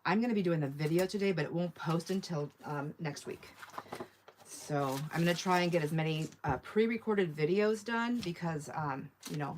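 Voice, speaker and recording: A woman's voice: low voice, a little hiss or hum. A woman hosting a live online sale, chatting casually and rambling as she reads viewer comments aloud. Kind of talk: casual live-stream sales chat.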